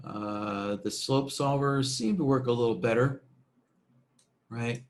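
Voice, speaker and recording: A man presenting a screen-recorded software tutorial, talking casually with many fillers and checking "right?" as he goes. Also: mid-range voice, takes it slowly, slight background noise.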